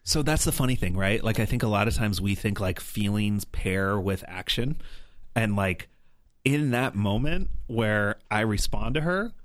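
Earnest low-voiced man telling a story. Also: unhurried, dry recording, clean studio sound. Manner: earnest, reflective, often says "like" and "right?". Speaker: guest. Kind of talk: conversational storytelling.

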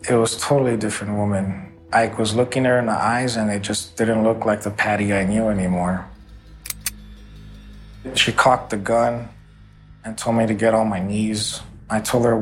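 A man telling an interviewer about a violent night in a halting way, often repeating his words. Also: lowish voice, steady tone, faint music behind. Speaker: interview guest. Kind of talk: personal account in an interview.

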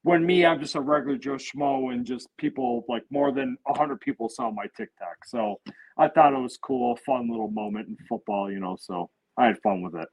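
A man's voice: mid-range voice, fairly quick, poor audio. A man who is a guest on a casual podcast, telling stories in a rambling way and swearing freely.

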